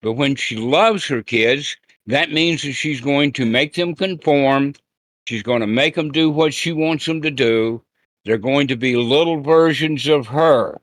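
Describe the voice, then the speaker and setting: A man's voice: mid-range voice, a little slow, no echo. A man giving a plain-spoken, folksy Buddhist teaching talk over an online group call. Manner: plain-spoken, folksy, acts out quoted lines.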